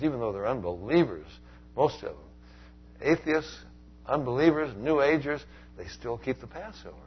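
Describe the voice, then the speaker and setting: Husky man preaching with swings in force. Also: lo-fi sound. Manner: animated, swings from loud emphasis to low asides. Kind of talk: sermon.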